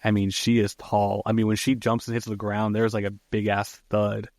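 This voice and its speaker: A man with a fairly low voice hosts a podcast and walks through a film scene by scene in a relaxed, chatty way. His talk is loose and full of ums and uhs. The sound is close and dry, with no room around it. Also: moderate pace, dry recording. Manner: laid-back, lots of fillers like um and uh. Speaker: podcast host. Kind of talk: casual film recap chat.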